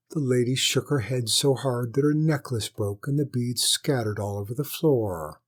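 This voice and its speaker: A male storyteller reading a fairy tale aloud in a measured, steady manner. His voice is husky and sits at an ordinary middle pitch. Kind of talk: storybook narration.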